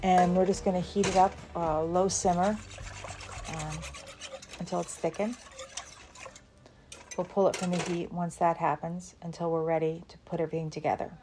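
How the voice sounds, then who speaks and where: A woman's voice: fairly low pitch, level tone, normal speed, long pauses, background noise. A woman from the Southern United States hosting a cooking channel, chatting casually through a recipe with fillers and small laughs. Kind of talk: casual cooking demonstration voice-over.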